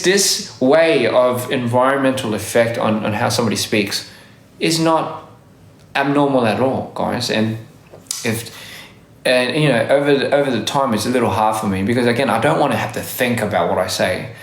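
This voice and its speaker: A man's voice: medium pitch, moderate pace, reverberant. Rambling man, faded Australian accent. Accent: Australian English, softened by years abroad. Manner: rambling, self-correcting, frequent laughs. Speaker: livestreamer. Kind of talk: casual live-stream chat reading comments.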